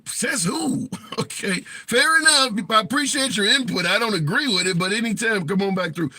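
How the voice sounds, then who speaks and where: A man's voice: sits high, lively intonation, brisk, pushed and bright, no echo. A man hosting a political livestream, reading viewer comments aloud and taking callers in a chatty way. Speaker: livestream host.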